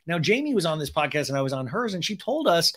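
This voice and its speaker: A man hosting a podcast, recapping a reality show in animated, gossipy commentary. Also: on the high side, fast talker. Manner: animated and gossipy, with frequent restarts. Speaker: podcast host.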